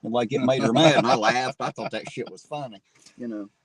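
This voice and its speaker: A man's voice: medium pitch, a little fast, slight background noise. A middle-aged man from southern Ohio with an Appalachian drawl, chatting casually and profanely as he reads viewer comments on a livestream from a parked car. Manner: folksy, profane, laid-back. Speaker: livestream host.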